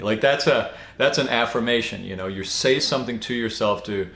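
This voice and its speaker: A man giving a casual spoken teaching, relaxed and rambling, with many fillers and restarts. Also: medium pitch, moderate pace. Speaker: spiritual teacher. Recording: echoey room.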